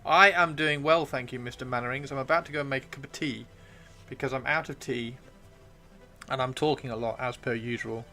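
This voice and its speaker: A man streaming live chats casually and jokes while reading out viewer messages, often poking fun at himself, his throat a bit worn from talking. His voice is medium-pitched, brisk and sharp, with faint video game music in the background.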